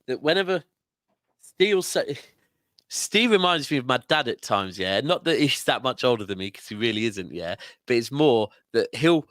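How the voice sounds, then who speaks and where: An English man talks football on a fan show in a loose, rambling way. He keeps checking in with little "yeah?"s. He sits close to a dry, roomless mic, his voice at an ordinary middle pitch. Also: very animated, moderate pace, fairly bright tone, no echo. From England. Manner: chatty, rambling, with frequent "yeah?" check-ins. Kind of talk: casual football chat.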